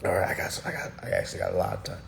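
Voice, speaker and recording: This livestream host has a very deep, creaky voice with a sing-song, rapid-fire delivery, plus a little hiss or hum. He answers viewer comments in a casual monologue, blunt and preachy, hammering individual words, repeating himself and checking in with "all right?"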